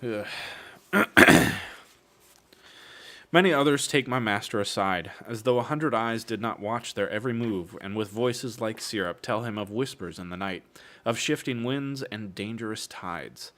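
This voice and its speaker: Reading a novel aloud on a casual stream, this man pauses between passages to crack dry, swearing jokes. His voice is fairly low and sharp, and he speaks unhurriedly.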